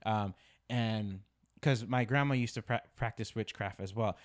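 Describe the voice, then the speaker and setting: In a casual podcast chat, a male co-host with a fairly low voice tells a story at a measured pace. He swears often and repeats himself for emphasis.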